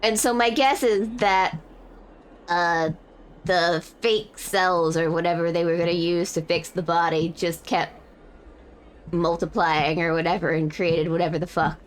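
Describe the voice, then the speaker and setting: A woman's voice: on the low side, steady tone, a little slow. A woman streamer in casual chat, feeling a bit unwell, rambling and correcting herself with frequent laughs.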